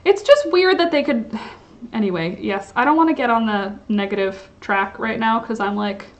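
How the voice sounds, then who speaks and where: Young woman, casual livestream chat, rambling, lots of fillers, slightly high voice. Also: lively intonation, normal speed, muffled recording. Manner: rambling, filler-heavy, frequent "like" and "um". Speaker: crochet livestream host reading chat.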